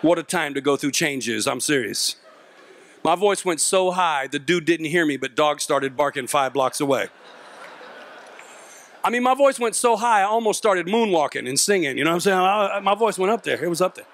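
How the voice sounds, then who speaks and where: Animated man telling a comic story. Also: a little high, moderate pace. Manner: animated, self-mocking, acts out voices. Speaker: youth mentor and speaker. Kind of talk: comic storytelling speech to an audience. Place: event stage before a live audience.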